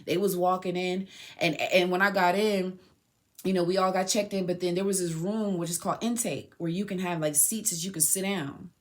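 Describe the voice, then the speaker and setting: A woman's voice: on the low side, fairly even intonation, normal speed. A young woman hosting a podcast, telling a painful personal story in a candid, slangy way and near tears at times. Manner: emotional, slangy and candid, retelling dialogue. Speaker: podcast host.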